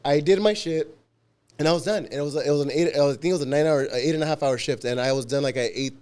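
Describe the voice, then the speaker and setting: A podcast guest who works as a union warehouse worker tells casual workplace stories in a fairly high, clean-toned voice, speaking fast. He swears freely, acts out quoted dialogue with animation, and often laughs and restarts.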